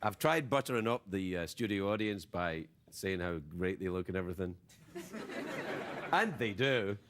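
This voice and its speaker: A man's voice: deep voice, expressive, normal speed, very noisy. A man hosting a late-night talk show, rambling through a playful, self-mocking comedic monologue in a television studio. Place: television studio with live audience.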